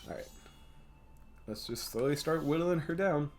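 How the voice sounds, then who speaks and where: A man's voice: fairly high pitch, animated, moderate pace, slight background noise. A man casually commenting on a game he plays and reading its story aloud, hyping himself up to his viewers. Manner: casual, hype, talks to viewers as boys. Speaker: let's play host.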